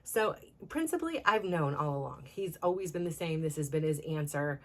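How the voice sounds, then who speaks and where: A woman's voice: sits low, animated, fairly quick, a little mellow. A middle-aged woman hosting a self-improvement show, telling a personal story in a rambling, casual way full of "like" and "you know" and restarts. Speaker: self-improvement podcast host.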